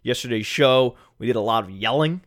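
A man's voice: mid-range voice, brisk, dry recording. Sarcastic man ranting into a dry mic. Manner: mock-calm, bursting into shouts. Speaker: fantasy football podcast host. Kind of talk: sarcastic solo podcast rant. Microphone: studio microphone.

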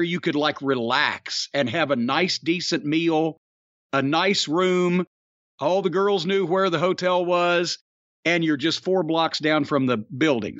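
A man's voice: sits high, fairly bright tone, dry recording, lo-fi sound. An older man hosting a podcast, telling opinionated, profane stories in casual chat. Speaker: podcast host.

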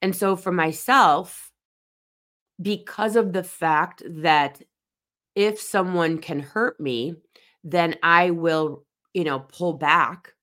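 A woman's voice: on the low side, slow, fairly bright tone. A woman in her forties, speaking as a podcast host in an earnest, personal monologue that leans on emphatic repetition. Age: 40s.

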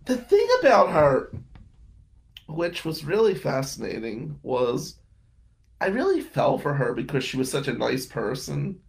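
A podcast guest with a slightly high, sing-song voice and some vocal fry takes his time spinning wry, casual tales about old roommates and girlfriends. He often breaks off to laugh.

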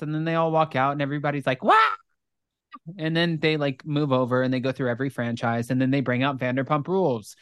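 A woman spins a gossipy story in relaxed, casual chat, sprinkling "like" through every line and swearing freely. The sound is dry and close, with no room echo, and she acts out each person she quotes. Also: a little fast, clean tone. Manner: animated storyteller, acts out quotes in high voices; frequent "like" fillers, swears casually.

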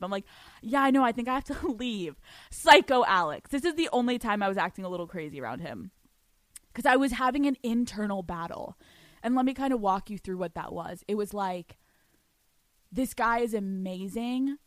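A woman's voice: mid-range voice, dry recording. A young woman hosting a solo podcast, telling a story in a brash, profane way with frequent laughter. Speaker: podcast host.

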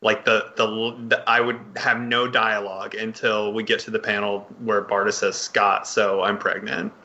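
A man co-hosting a casual podcast discussion, halting and enthusiastic with many fillers and restarts. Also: lowish voice, little pitch movement, pushed and bright, muffled recording. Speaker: podcast co-host.

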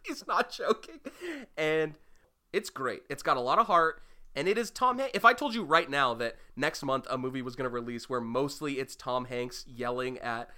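A man's voice: mid-range voice, normal speed, bright, forceful tone. A young man co-hosting a podcast, chatting casually with rambling enthusiasm and casual swearing. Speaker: podcast co-host. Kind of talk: casual chat.

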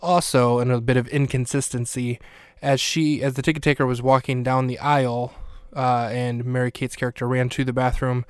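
Wry, flat-voiced podcast host man. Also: medium pitch, moderate pace, hardly any pauses, clean tone, dry recording. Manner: wry, deadpan asides. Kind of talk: casual recap commentary.

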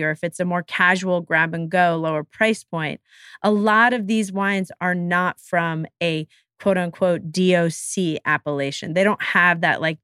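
A woman's voice: mid-range voice, a bit bright, smooth, no room sound, studio quality. A woman hosting a podcast, talking casually and with enthusiasm, with self-deprecating asides. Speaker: podcast host. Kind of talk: casual solo podcast talk.

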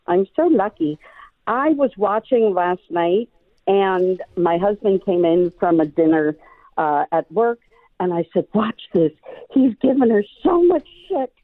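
A woman calling into a talk show, excited and chatty. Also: medium pitch, measured pace, no room sound. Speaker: caller. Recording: tinny phone line.

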